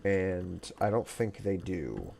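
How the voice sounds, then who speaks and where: A man's voice: deep voice, very animated, slow pace, vocal fry, a little mellow, a little hiss or hum. A young man streaming a survival game, chatting casually with a friend in a rambling, joking way. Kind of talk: casual gaming chat.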